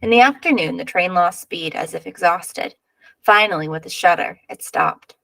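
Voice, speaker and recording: A woman reading a picture book aloud with expressive storytelling. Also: fairly low pitch, moderate pace, vocal fry, dry recording, rough recording. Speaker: reader.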